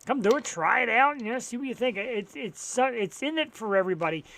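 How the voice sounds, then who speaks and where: A man with a notably high speaking voice hosts a live talk stream alone, chatting loosely to fill the time. He drifts between topics with dry sarcasm and casual swearing. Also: expressive, fairly quick, creaky, a bit bright. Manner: rambling, profane and wry, sarcastic about sports. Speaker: talk show host. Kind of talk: solo live-stream chat filling time.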